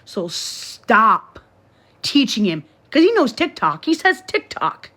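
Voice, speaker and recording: A woman's voice: a little high, sing-song, slow, fairly bright tone. A woman on a phone livestream from her bed, lecturing and scolding in a preachy, repetitive way. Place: bedroom, in bed.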